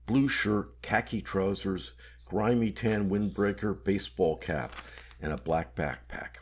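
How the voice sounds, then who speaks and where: A man reading a novel aloud in a measured, even audiobook narration. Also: fairly low pitch.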